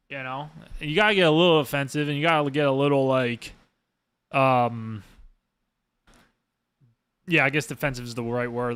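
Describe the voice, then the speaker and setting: A man's voice: medium pitch, a little fast, fairly bright tone, clear, resonant tone. A man hosting a casual podcast monologue as a streamer, rambling and emphatic with lots of swearing. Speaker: streamer host.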